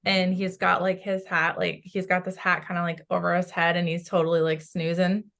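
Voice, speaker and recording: Woman, psychic medium, low voice, gravelly, rambling, lots of fillers. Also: level tone, normal speed, fairly bright tone. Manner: rambling, describes visions with many fillers. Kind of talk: channeling session in casual chat.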